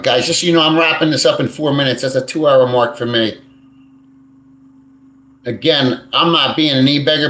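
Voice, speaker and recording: In an echoey room, a man hosts a casual live stream, answering viewer comments bluntly, crudely and ramblingly while swearing freely. His voice is fairly low with a fairly bright tone.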